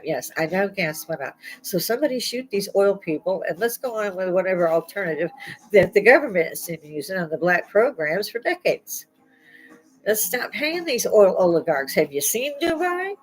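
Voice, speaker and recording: A woman's voice: on the low side, lively intonation, moderate pace, poor audio. An older woman hosting her own podcast, chatting in a rambling, blunt way and laughing often. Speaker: podcast host. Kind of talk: rambling casual monologue.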